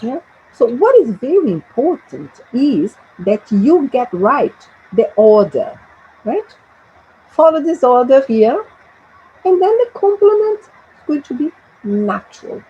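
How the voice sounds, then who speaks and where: A woman's voice: high voice, very animated, slow, slightly rough, muffled recording. A woman from Brazil, teaching an English lesson and patiently checking understanding with frequent tag questions. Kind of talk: classroom explanation.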